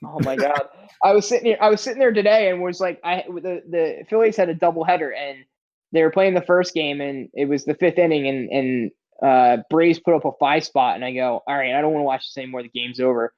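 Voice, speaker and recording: On a dry, muffled recording, a man with a fairly high voice talks briskly as a sports podcast co-host. He rambles in a casual, filler-heavy way, constantly saying "like" and starting over.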